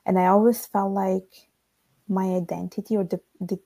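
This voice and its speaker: A woman's voice: mid-range voice, level tone, normal speed, creaky, dark tone, no echo. A woman with an Italian accent, a podcast guest telling her own story thoughtfully, in long searching runs full of fillers. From Italy. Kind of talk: reflective personal storytelling.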